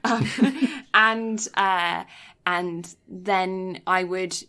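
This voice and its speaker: A woman from England whose English accent carries a Canadian lean chats loosely on a podcast. Her voice is bright and clear, and she wanders from point to point with plenty of fillers and asides. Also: lowish voice, fairly even intonation, extremely slow. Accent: English, mixed with Canadian. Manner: chatty, rambling, lots of fillers and asides. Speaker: podcast co-host. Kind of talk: casual podcast chat.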